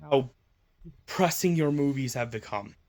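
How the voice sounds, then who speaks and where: A man's voice: medium pitch, animated, a little slow, darkish tone. A man ranting in an angry, profane, mocking commentary, talking into a phone.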